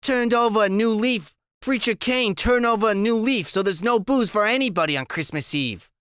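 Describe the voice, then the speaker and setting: A man's voice: normal speed, fairly bright tone, clear, resonant tone, no echo, studio quality. A man doing a slurring drunk woman. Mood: tipsy. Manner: high, slurred, giggly.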